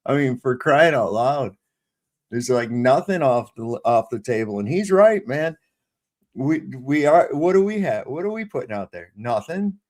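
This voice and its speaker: A man's voice: medium pitch, lively intonation, measured pace, a little mellow. An older man ranting in casual, profane, exasperated political chat on a livestream panel.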